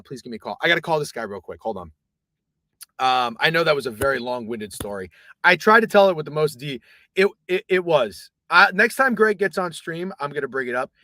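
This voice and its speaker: Animated, foul-mouthed male streamer. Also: fairly high pitch, no echo, clean studio sound. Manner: profane, animated, rambling. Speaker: live streamer. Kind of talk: casual storytelling on stream.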